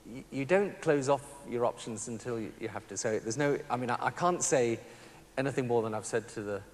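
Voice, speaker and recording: A man's voice: medium pitch, a little fast, big-room sound, a little hiss or hum. Hesitant man answering questions. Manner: hesitant, repeats words. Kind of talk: informal answers to a reporter.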